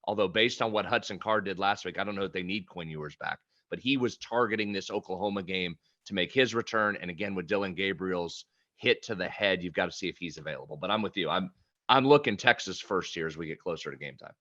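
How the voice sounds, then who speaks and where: Podcast co-host, male, bright edgy tone, a little muffled, loose chatty delivery. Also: sits low, fast talker. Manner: chatty, stumbles and repeats words. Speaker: sports betting podcast co-host. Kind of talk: casual sports betting chat.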